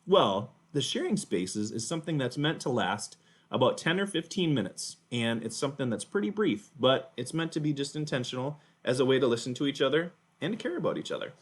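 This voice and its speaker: Male teacher, young adult, patient children's puppet-show host, lively pitch. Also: brisk, slightly rough. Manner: gentle, patient explaining.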